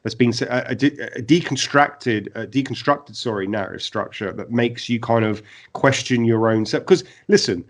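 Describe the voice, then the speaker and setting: A man, co-hosting a podcast and reviewing a TV episode in casual, animated chat full of fillers and restarts. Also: mid-range voice, fairly quick, few pauses. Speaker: podcast co-host.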